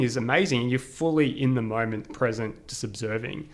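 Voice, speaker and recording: Telling a travel tale as a podcast guest, this Australian man speaks at medium pitch. His delivery is relaxed and energetic, filled with "like" and quick snippets of other people's voices.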